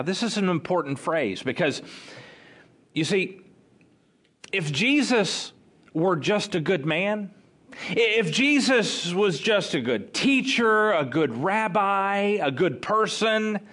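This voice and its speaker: A man preaching a sermon as pastor, talking conversationally and telling the story with lively acted-out quotes. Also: high voice, slow.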